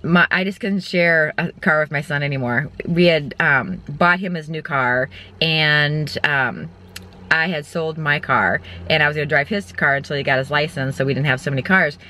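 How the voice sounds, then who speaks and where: A woman in her forties records a casual vlog inside her car. Her voice is bright and forceful. She tells things candidly and rambles from one story to the next. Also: low-pitched, normal speed. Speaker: vlogger. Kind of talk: casual chat.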